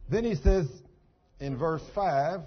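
Older man preaching, husky folksy voice. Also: fairly high pitch, slow pace. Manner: folksy storytelling, down-home phrasing. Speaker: pastor. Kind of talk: sermon. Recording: dull lo-fi sermon recording.

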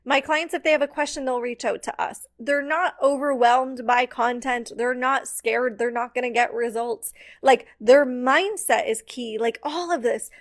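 A woman's voice: high voice, normal speed, hardly any pauses. Chatty upbeat woman business coach. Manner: chatty, upbeat, many "like" fillers. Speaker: business coach and podcast host. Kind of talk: casual solo podcast talk.

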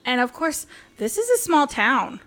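Animated woman hairstylist telling a story. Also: sits high, unhurried. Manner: animated, acts out voices, laughs often. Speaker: hairstylist, podcast co-host. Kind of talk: casual storytelling chat.

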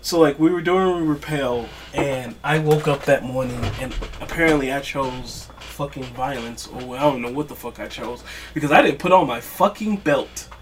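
A man's voice: mid-range voice, normal speed, few pauses, noisy background. A young man co-hosting a podcast, telling stories in a laid-back, profane way. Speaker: podcast co-host. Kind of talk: casual storytelling chat.

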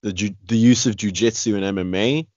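A man's voice: fairly low pitch, fairly quick, darkish tone, no echo. A man chatting casually about fights, rambling with many restarts and "you know". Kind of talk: casual chat. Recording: dry, slightly dull lo-fi sound.

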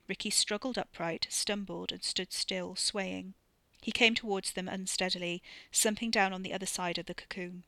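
A woman narrating an audiobook in a steady, measured storytelling voice. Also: medium pitch, no room sound. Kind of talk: scripted narration.

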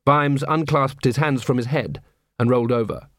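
A man narrating a comic novel in a wry, measured way. His voice sits at an ordinary pitch. The recording is close and dry. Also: fairly bright tone, no echo. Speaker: audiobook narrator. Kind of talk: storytelling narration.

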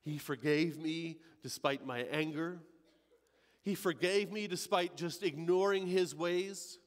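Repentant thief on the cross, a pastor acting it out, high voice for a guy, halting and emotional, big echoey church. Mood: awed. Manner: emotional, halting, swings from hushed to crying out. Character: repentant male thief dying on a cross, broken. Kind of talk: dramatic first-person monologue in a church service.

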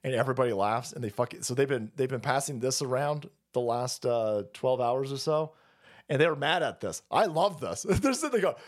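A streamer hosts a ranting political commentary stream in a mid-range, expressive voice at a fairly quick pace. He's profane and mocking, sometimes putting on whiny voices to ridicule opponents.

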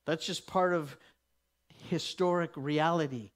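A man with a notably high voice preaching a teaching sermon. He acts out the people in the story, swinging from loud, ringing declarations to hushed whispers. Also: measured pace.

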